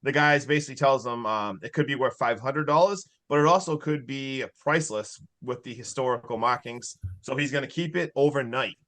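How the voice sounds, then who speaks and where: A man co-hosting a podcast, excitedly recapping a horror movie in casual chat. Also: mid-range voice. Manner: excitable, swears, recaps in quick bursts with laughs. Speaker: podcast co-host.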